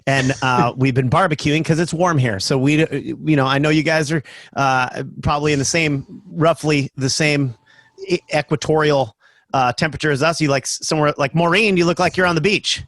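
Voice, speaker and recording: A man's voice: fairly high pitch, steady tone, brisk, fairly bright tone, no room sound. A man in his fifties doing a stand-up comedy set over a video call, telling jokey stories with lots of fillers. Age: 50s.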